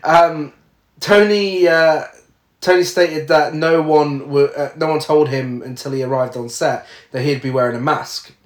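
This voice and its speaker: A man with a fairly high voice co-hosts a casual chat, reading film trivia from notes. He pauses often on "uh" and laughs between facts. His voice rings in an echoey room. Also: fairly even intonation. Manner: reads facts aloud with frequent uhs and laughs.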